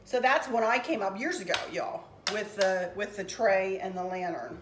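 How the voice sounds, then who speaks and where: A woman's voice: medium pitch, moderate pace. Chatty woman in a roomy home. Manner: chatty, rambling and upbeat. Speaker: craft channel host. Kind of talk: casual craft tutorial chat. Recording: roomy with faint background noise.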